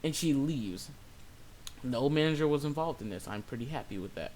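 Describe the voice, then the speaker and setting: Profane, lively young storyteller ranting. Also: mid-range voice, moderate pace, slight background noise. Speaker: storyteller, retail worker. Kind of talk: casual storytime rant.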